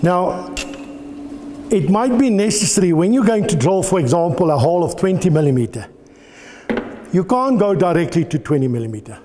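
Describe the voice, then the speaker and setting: Teaching at a workshop lathe, this male lecturer walks through the process patiently, one step at a time, his high, mellow voice animated and at a normal speed. The engineering workshop sounds reverberant, with a faint background hum of noise.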